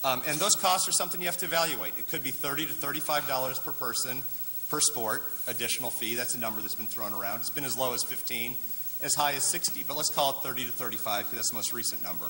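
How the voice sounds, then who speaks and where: Man, public meeting speech, persuasive, point by point, bright tone, echoey hall. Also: mid-range voice, fast talker. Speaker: resident speaking at town meeting. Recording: echoey hall, faint hiss.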